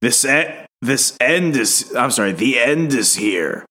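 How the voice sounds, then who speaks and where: A man co-hosting a comics podcast, chatting casually and reading comic dialogue in a low, dramatic tone. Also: expressive, slow pace, sharp tone, slightly rough. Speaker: podcast co-host. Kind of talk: casual chat.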